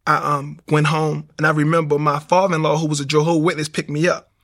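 Gravelly man telling his story. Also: fairly high pitch, flat delivery, fast talker, a bit bright. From Baltimore, USA. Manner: storytelling with acted-out dialogue. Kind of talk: personal testimony.

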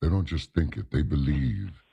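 A male host speaks in an emphatic, scornful way. His voice is extremely deep, gravelly and raspy, and the audio is dull and lo-fi. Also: animated, moderate pace, mellow. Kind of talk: talk show commentary.

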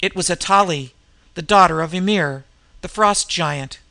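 A man's voice: sits high, moderate pace, gravelly, bright, forceful tone, no echo, exaggerated voice. A man reading aloud, voicing an older, wild-eyed warrior who speaks with solemn intensity. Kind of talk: audiobook reading.

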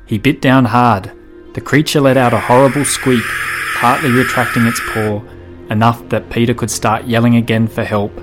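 A man narrating a story in a measured, deliberate way. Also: fairly low pitch, darkish tone. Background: music.

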